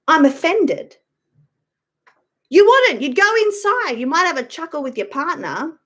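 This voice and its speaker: Brief: woman streamer venting to her chat, high and lively voice, profane and unfiltered. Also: measured pace, long pauses. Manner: blunt, profane and fired-up, answering viewer comments. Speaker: YouTuber live-streaming to chat. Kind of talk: casual ranting live-stream chat.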